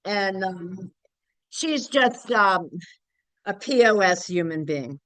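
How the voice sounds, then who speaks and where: A woman's voice: medium pitch, lively intonation, slow pace, fairly bright tone, no room sound, low-quality recording. An older woman speaking at a community group meeting, candid and blunt, rambling with frequent fillers. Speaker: local activist group member.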